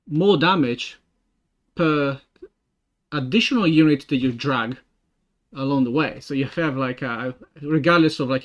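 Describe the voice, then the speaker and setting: A young man with an Italian accent, a game developer thinking aloud while he works, halting with many fillers and restarts. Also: mid-range voice. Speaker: game developer streaming his work. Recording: dull lo-fi stream audio.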